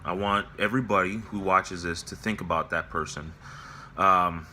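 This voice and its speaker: At his workplace near closing time, with faint noise in the background, a vlogger with a very low voice that has a bright edge gives a somber personal update. He speaks haltingly and reflectively, full of fillers and restarts.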